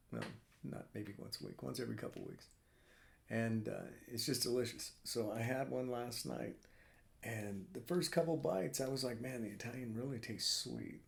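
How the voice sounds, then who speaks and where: A man's voice: mid-range voice, vocal fry. A middle-aged man chatting casually on a live stream from his home drawing room, rambling and swearing freely. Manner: rambling and profane, lots of fillers. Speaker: cartoonist streamer.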